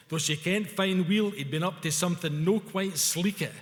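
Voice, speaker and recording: A storyteller from Scotland addresses an audience at a culture event in an event hall, leaning on broad Scots words and a Scottish accent. His slightly high, fairly bright voice moves at a moderate pace, trailing a long reverb.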